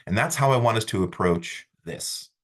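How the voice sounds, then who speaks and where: A man teaching a college class, talking in an animated, storytelling way that often breaks off and restarts mid-sentence. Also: lowish voice, moderate pace. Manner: animated, storytelling, self-interrupting. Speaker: college instructor. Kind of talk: classroom lecture.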